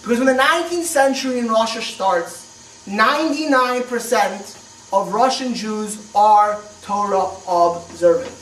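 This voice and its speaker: A man's voice: sits high, unhurried, a bit bright. A man gives a classroom history lecture, talking in a loose, conversational way full of restarts and questions to the room. He sounds roomy and set back from the microphone, with faint noise behind him. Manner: conversational, repeats and restarts, asks rhetorical questions. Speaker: rabbi lecturer. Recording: echoey room, mic far off, faint noise.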